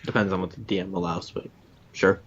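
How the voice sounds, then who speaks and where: A young man co-hosting a let's play, chatting casually with halting, dry replies. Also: low voice, level tone, highs cut off. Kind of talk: casual gameplay commentary.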